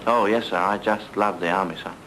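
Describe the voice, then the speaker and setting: Actor playing a cool young British soldier. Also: male voice, deep voice, fairly even intonation, brisk, noisy background, close to an everyday voice. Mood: calm dry. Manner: dry understatement. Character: young clipped British army man, cool and dry. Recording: old film clip with music.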